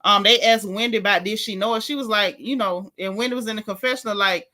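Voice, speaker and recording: A woman hosting a casual reality TV recap, telling it in a sassy, animated way with lots of slang. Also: medium pitch, fast. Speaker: host.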